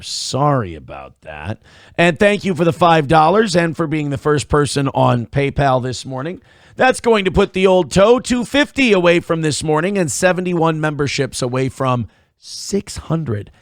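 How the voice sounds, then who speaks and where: A man's voice: fairly high pitch, no echo, studio quality. A man hosting a morning live stream, rambling and joking crudely while reacting to clips and viewer tips. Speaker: morning show host. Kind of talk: casual live-stream commentary.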